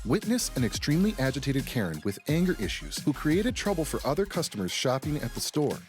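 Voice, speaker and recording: A man's voice: medium pitch, big pitch swings, a little fast, loud music behind the voice. A man reading scripted, mocking commentary over a compilation of clips. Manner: mocking, exasperated. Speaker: compilation narrator.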